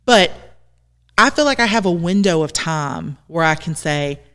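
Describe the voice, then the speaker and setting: A woman co-host chatting casually with a friend, her voice animated and full of swings in pitch. She tells stories and plays out little scenes of what she and others said. A long reverb trails behind her. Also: unhurried, clear, resonant tone. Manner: lively, animated storytelling with acted-out quotes. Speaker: podcast co-host. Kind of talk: casual chat.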